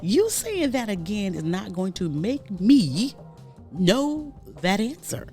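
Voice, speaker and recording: A woman's voice: medium pitch, big pitch swings, slow, a little mellow, soft background music. A woman co-hosting a podcast, teasing her husband in casual, slangy banter. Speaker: podcast co-host.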